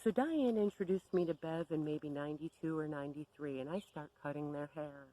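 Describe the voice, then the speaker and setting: A woman's voice: low-pitched, fairly quick, dark tone, low-quality recording. A woman telling a story to camera in a sardonic, exasperated rant. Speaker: vlogger.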